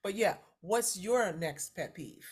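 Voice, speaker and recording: A woman co-hosting a podcast, an animated storyteller who acts out what people said. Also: medium pitch, takes it slowly, slightly rough. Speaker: podcast co-host. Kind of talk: casual chat.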